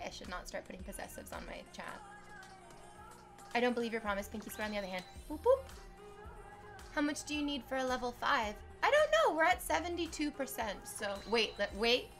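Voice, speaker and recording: A woman streaming live while sick, excitedly thanking her chat for donations, gushing, swearing freely and squealing. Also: on the high side.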